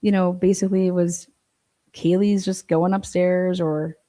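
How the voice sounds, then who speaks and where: Profane, incredulous woman with a mellow voice. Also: lowish voice, flat delivery, normal speed. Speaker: true crime commentator. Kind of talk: livestream commentary.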